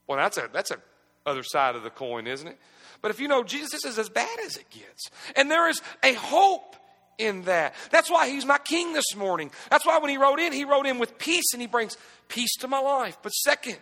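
A pastor delivers a sermon in a high, bright voice, climbing into shouted emphasis and dropping into folksy asides, with big pitch swings at a moderate pace. Long reverb from the church sanctuary rings around him.

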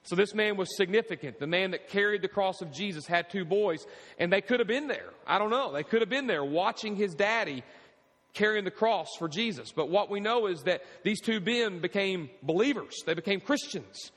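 A man's voice: sits high, lively intonation, moderate pace, fairly bright tone, in a large hall. A man preaching a sermon as pastor, using emphatic repetition and rhetorical questions to the congregation.

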